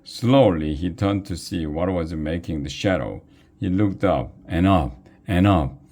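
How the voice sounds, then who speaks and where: A man reading a children's chapter book aloud in an expressive, deliberate way. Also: low-pitched. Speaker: reader. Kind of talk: storybook read-aloud narration.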